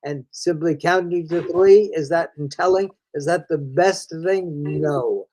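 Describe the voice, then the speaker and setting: A man's voice: fairly high pitch, measured pace, a little mellow, poor audio. An older man, a reading specialist, explaining in a folksy conversational way, calling the listener "friend" and restarting his sentences often.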